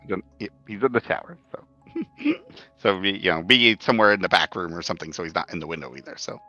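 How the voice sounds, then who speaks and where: A man with a low, bright voice playing a tabletop game in casual chat. He rambles, restarts and repeats words, and the sound is dry and close. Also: quick pace, no echo, muffled recording, faint music behind. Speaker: player.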